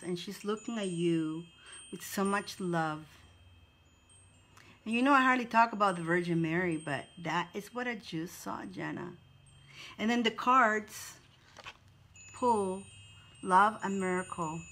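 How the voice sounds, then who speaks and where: A woman's voice: mid-range voice, a bit bright. A woman hosting a live card reading for her viewers, effusive and exclaiming, repeating her words over and over. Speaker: psychic card reader, host.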